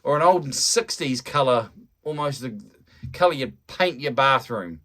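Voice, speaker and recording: A man's voice: mid-range voice, lively intonation, unhurried, sharp tone. A man commentating a rugby match in a chatty, rambling, self-deprecating way, often restarting his sentences. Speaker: fan commentator. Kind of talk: live-style rugby play-by-play commentary.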